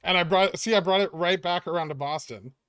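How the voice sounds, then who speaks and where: Smooth-voiced man joking with chat. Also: high-pitched, fairly quick, a bit bright, no room sound, studio quality. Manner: joking, crude banter with viewers. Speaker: streamer host reading chat. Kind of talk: casual live-stream chat.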